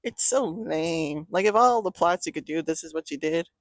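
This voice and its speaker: A woman's voice: lowish voice, lively intonation, normal speed, dry recording. A young woman reviewing a movie in a casual rant, sarcastic and profane, often breaking into laughter. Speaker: film reviewer.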